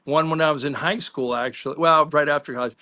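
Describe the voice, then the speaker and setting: Middle-aged man, podcast co-host, bright higher voice, rambling storyteller. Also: steady tone, fast talker. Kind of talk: casual podcast chat.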